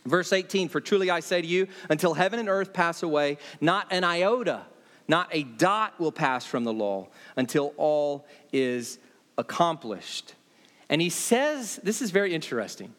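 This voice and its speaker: A man preaching an expository sermon, emphatic and repeating key phrases, often dropping his voice low to land a point. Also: lively intonation, moderate pace, fairly bright tone, in a large hall. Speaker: pastor.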